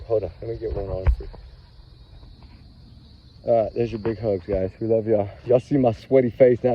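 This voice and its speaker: A man, rambling in a casual, folksy vlog chat outdoors in the woods, hot and sweaty from a long walk. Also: lowish voice. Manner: folksy, chatty, repeats warm sign-offs. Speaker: true-crime vlog host. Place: outdoors by a creek bank in the woods. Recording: dull lo-fi phone audio.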